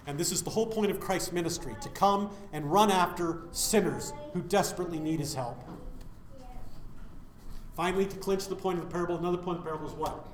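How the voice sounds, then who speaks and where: A man's voice: high-pitched, quick pace, echoey room, slight background noise. A man preaching a sermon, putting questions to his listeners and answering them himself.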